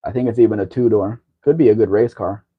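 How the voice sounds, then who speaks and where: A man's voice: on the low side, fast, slightly rough, narrow, tinny audio. A man hosting a casual live-stream chat, talking in a rambling, wry way about old cars. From Southern California. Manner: rambling, chatty car talk with wry asides. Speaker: show host.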